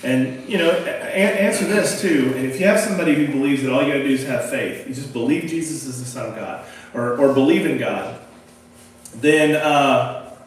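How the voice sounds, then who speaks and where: A man leading a casual Bible discussion in a folksy, emphatic way, often asking rhetorical questions. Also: medium pitch. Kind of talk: casual Bible study talk. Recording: echoey room, distant mic, faint noise.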